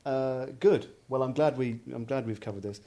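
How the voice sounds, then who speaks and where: A man's voice: mid-range voice, moderate pace, dark tone. A man hosting a casual studio podcast, rambling and chatty with many restarts. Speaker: podcast host, magazine editor.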